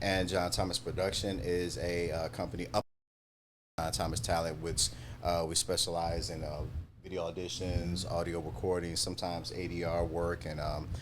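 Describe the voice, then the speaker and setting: A man's voice: low-pitched, little pitch movement, moderate pace, noisy background. A talent manager, a man who is a guest on a live chat and explains his work in a laid-back, patient way. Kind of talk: casual interview chat. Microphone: video call.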